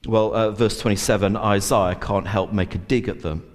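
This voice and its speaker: A man's voice: on the low side, fairly even intonation, normal speed. A man preaching a sermon in an earnest way, with many fillers and restarts. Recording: long church reverb.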